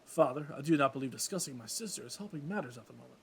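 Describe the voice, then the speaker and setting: A man's voice: mid-range voice, animated, racing, vocal fry, a bit bright, slight background noise. A man voicing a polite young male fish-folk prince in an earnest, courteous way.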